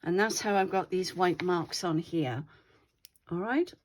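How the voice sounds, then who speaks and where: A woman's voice: lowish voice, a little slow, a little hiss or hum. Chatty woman showing crafts. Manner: chatty, often checks in with "all right?". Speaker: craft channel host. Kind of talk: casual craft demonstration.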